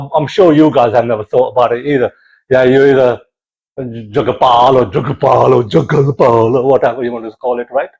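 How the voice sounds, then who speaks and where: A man telling a comic story in an animated, digressive way, full of exclamations. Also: medium pitch, lo-fi sound. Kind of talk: comic monologue.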